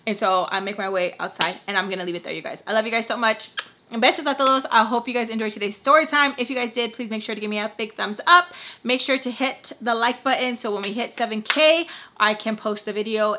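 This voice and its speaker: A woman's voice: mid-range voice, fast talker, background noise. A young woman vlogger casually retelling a story, acting out the quotes and slipping into Spanish now and then. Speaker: beauty vlogger telling a story.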